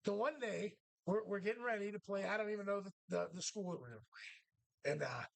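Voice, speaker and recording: A man's voice: sits high, a little fast, gravelly, no room sound. A man hosting a casual chat in a pub, telling profane, rambling stories.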